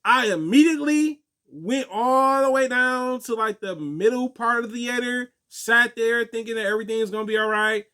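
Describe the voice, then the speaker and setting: A young man telling stories and answering viewer questions in a casual, animated way, laughing often. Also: extremely high pitch, normal speed, hardly any pauses, clear, resonant tone. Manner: animated storytelling, laughs often, acts out quotes. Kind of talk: casual chat.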